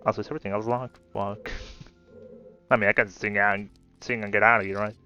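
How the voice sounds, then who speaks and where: His lowish voice is pushed and bright, fairly quick and with little pitch movement, as this gameplay video creator meanders through a story while playing. He's relaxed and swears here and there. Faint game music plays over slightly dull-sounding audio.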